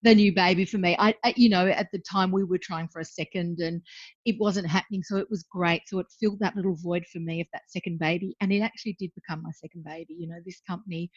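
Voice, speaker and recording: A woman's voice: lowish voice, fast, breathy edge, no room sound. A woman guest, a brand founder, telling her story with animation, acting out what people said, with frequent ums. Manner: lively, acts out quoted voices, frequent ums. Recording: dull lo-fi dry sound.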